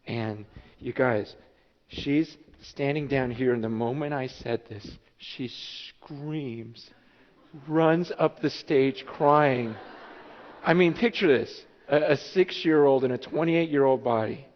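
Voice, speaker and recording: A man preaching a sermon as pastor, telling a story in an animated, emotional way. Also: mid-range voice, slow pace. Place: church sanctuary. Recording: dull echoey church hall.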